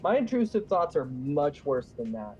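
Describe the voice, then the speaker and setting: A man's voice: fairly high pitch, very animated, normal speed, darkish tone, muffled recording, soft background music. A young man chatting casually with friends during a game, wry and fond of telling stories. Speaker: gamer in voice chat. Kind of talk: casual chat.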